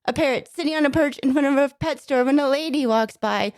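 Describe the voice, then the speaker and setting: Podcast co-host, woman, bright-pitched, keeps fumbling her jokes on a dry mic. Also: brisk, no echo. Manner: flustered, laughing at her own slip-ups. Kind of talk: casual joke telling.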